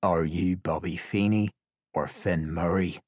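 A man voicing a cold, composed male interrogator who asks quiet, measured questions. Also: sits low, steady tone, husky, no echo. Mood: cold calm.

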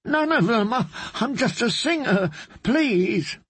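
A man's voice: animated, slow, fairly bright tone, slightly rough, no room sound, exaggerated voice. A man doing a sobbing, terrified young bard. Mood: pleading. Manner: high, breaking, sobbing pleas. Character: terrified young male singer, pleading.

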